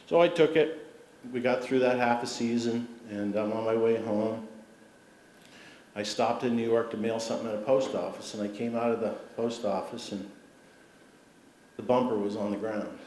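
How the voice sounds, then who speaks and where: With a touch of hiss or hum and faint ambience from a roomy space, a middle-aged man delivers an awards acceptance speech in a large civic hall. He speaks at medium pitch, warmly sharing funny stories about his family.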